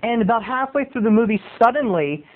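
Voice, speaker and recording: A man's voice: extremely high pitch, lively intonation, a little fast. A man video blogger tells a rambling comic story, chatty and playful, wandering off on tangents. His voice comes through thin and tinny, like a phone line.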